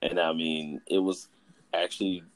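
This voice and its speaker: A man in casual conversation, chiming in with quick agreeing reactions and his own stories. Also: sits low, flat delivery, a little hiss or hum. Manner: agreeable listener, chimes in with short reactions. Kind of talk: casual chat.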